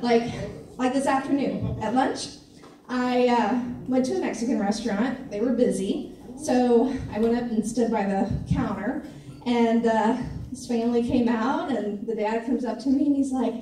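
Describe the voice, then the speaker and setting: Woman comedian, from Missouri, stand-up set, dry and self-deprecating, fairly high voice, echoey club room, heard from a distance, faint ambience. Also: warm tone, slight background noise. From Missouri, USA. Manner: dry, self-deprecating delivery with pauses and fillers.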